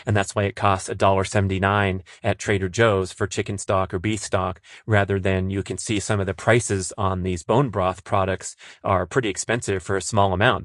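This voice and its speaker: A man's voice: on the low side, no room sound, studio quality. A middle-aged man hosting a solo podcast, chatty and enthusiastic, with lots of "uh" fillers. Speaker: podcast host. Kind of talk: casual solo podcast talk.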